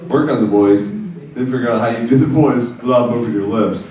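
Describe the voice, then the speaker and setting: A man's voice: mid-range voice, fairly quick, muffled recording. An older man presenting a ventriloquism workshop, chatty and joking as he tells stories, heard from far off. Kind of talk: workshop talk. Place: conference room with audience. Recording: echoey room from far off with audience.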